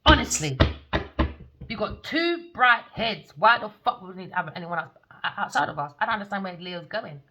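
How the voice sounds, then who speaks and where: A woman's voice: mid-range voice, expressive, moderate pace, pushed and bright. A woman doing a tarot reading in a casual, blunt, scolding manner, swearing freely. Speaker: tarot reader.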